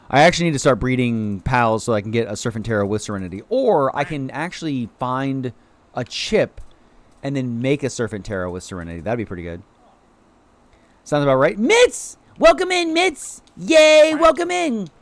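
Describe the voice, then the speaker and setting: A man streaming gameplay live, chatting casually and excitedly with his viewers, yelling out greetings and quacking playfully. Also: mid-range voice.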